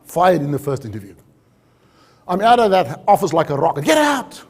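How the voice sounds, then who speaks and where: A man's voice: fairly high pitch, expressive, brisk, a little mellow, slightly rough. A man giving a storytelling keynote talk on safety, acting out dialogue with animation. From South Africa.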